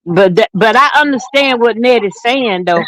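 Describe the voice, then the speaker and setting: A woman's voice: fairly high pitch, lively intonation, normal speed, a bit bright, dry recording, poor audio. Seventy-something woman, toothless, dry close sound, salty and joking. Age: 70s. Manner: salty, joking, laughs often. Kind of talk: casual chat.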